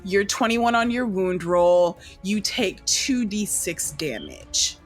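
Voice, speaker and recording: A woman running a tabletop game as dungeon master, narrating slowly in a casual, descriptive way. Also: medium pitch, sing-song, faint music behind. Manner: slow, descriptive, casual swearing.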